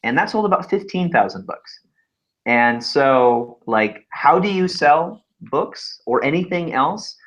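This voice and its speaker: Male, thirties, animated casual storyteller on a slightly muffled video call. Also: fairly high pitch, takes it slowly. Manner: animated storytelling, laughs often. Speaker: webinar co-host, author. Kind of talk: casual webinar chat. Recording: slightly dull lo-fi sound.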